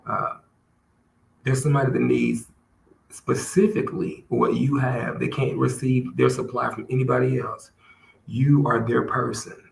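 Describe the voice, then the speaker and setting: A man hosting a podcast, speaking earnestly and emotionally in a heartfelt solo talk, often halting and restarting his sentences. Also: medium pitch, flat delivery, creaky. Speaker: podcast host. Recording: roomy echo with faint background noise.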